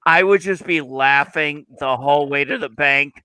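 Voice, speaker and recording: A man hosting a casual livestream panel, animated and quick to laugh, pulling the talk back on topic. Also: on the high side, smooth, no echo.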